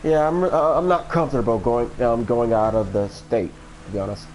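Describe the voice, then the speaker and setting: A man's voice: mid-range voice, normal speed, a little mellow, a little hiss or hum. A man from Florida chatting casually on a livestream, rambling and hesitant, with many fillers and restarts. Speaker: streamer.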